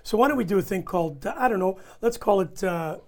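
A man's voice: sits high, animated, brisk. A man hosting a casual talk show, easygoing and chatty. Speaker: host. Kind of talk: casual chat.

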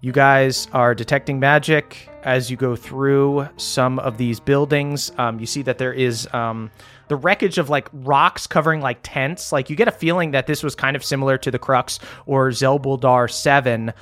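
A man's voice: medium pitch, moderate pace. Guy running a tabletop game, chill, lots of ums, some faint music behind. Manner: relaxed, lots of ums and uhs while describing scenes. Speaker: game master.

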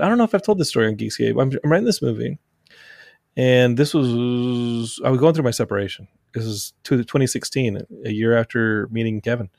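Gravelly-voiced male podcast host, animated storyteller, dry recording. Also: mid-range voice, dry recording. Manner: animated storyteller, acts out quotes. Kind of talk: casual chat.

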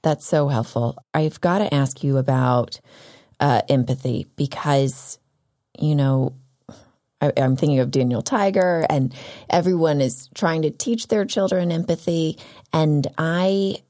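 A woman in her thirties hosting a casual chat, eager and quick when excited, laughing often. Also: deep voice, no echo, studio quality. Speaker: podcast host and mother.

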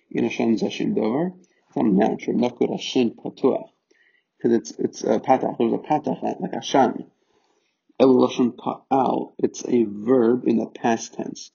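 Gravelly man teaching a Torah text. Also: mid-range voice, mellow. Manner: reads Hebrew then explains in English, with fillers and restarts. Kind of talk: text study lesson, translating Hebrew line by line. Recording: muffled lo-fi recording.

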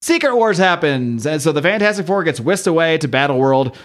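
A man's voice: on the high side, sing-song, fairly quick. A man hosting a podcast, casually and chattily recapping a comic book, laughing often as he retells it. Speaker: podcast host.

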